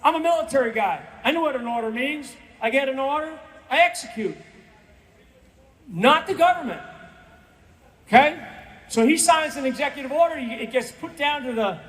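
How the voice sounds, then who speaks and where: High-pitched man pleading from a stage. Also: normal speed, fairly bright tone. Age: 60s. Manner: emphatic, repetitive, pleading. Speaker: guest speaker. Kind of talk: rally speech. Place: event stage.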